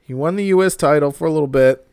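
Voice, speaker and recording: A man co-hosting a casual wrestling podcast, excitable, swearing often and laughing at his own jokes. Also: on the high side, quick pace, clear, resonant tone, no room sound, clean studio sound. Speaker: podcast co-host.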